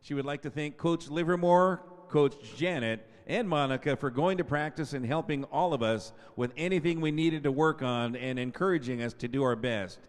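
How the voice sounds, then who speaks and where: A man in his fifties on a public address mic, stretching each player's name into a long call and chatting between the names. His voice sits a little high and comes through smooth and resonant, with a long echo off the gymnasium walls. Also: normal speed, few pauses. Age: 50s. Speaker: PA announcer. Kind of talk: senior night announcing. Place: school gym. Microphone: PA microphone. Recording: echoey gymnasium PA sound.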